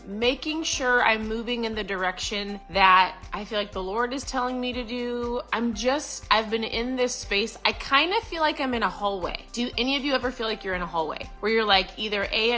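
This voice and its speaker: A woman's voice: mid-range voice, bright, forceful tone, rough recording. A middle-aged woman giving a casual, upbeat motivational talk to camera, chatty with lots of fillers and restarts. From Florida. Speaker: vlogger.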